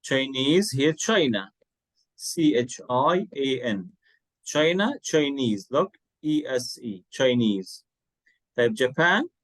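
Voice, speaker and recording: A man's voice: medium pitch, big pitch swings, slow pace, no room sound, rough recording. A man teaching an English lesson, patiently repeating words and spelling them out letter by letter. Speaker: English tutor. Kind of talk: online one-to-one English lesson.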